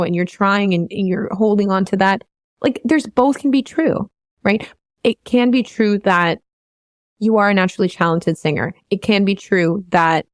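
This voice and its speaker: A woman's voice: mid-range voice, no room sound. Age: unknown. Sex: woman. Role: vocal coach host. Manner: rambling, earnest, emotionally open. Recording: dry. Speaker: vocal coach hosting a podcast. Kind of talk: candid podcast conversation.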